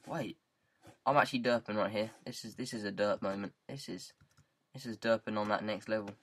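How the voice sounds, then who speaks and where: A man's voice: on the low side, fairly even intonation, a little fast, fairly bright tone. A man with a British accent giving casual, rambling gameplay commentary into a headset mic, goofing around and repeating words in silly riffs. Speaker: gaming YouTuber.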